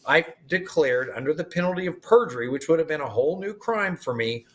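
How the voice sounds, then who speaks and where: Animated man retelling a story. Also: a little high, brisk. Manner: animated retelling with quoted dialogue. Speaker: interview guest. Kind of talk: storytelling in an interview.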